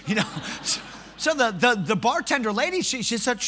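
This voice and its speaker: A man preaching a sermon, telling stories in an animated, self-mocking way. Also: sits high, normal speed.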